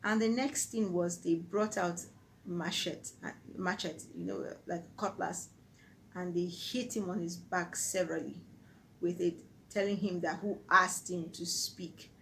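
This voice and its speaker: A woman's voice: fairly low pitch, steady tone, a little slow, creaky, a bit bright, slight background noise, low-quality recording. A Nigerian woman telling a personal story on her vlog in an earnest, vivid way. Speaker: vlogger.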